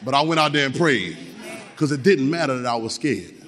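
A man preaching a sermon, leading call-and-response, repeating phrases and swinging from low, quick talk to shouted lines. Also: expressive. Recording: long hall reverb.

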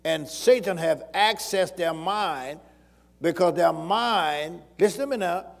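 High-pitched pastor preaching, keeps asking the crowd if they're with him, big echoey hall. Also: male voice, slow, creaky. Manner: preaching, calls to the congregation and repeats phrases. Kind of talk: sermon.

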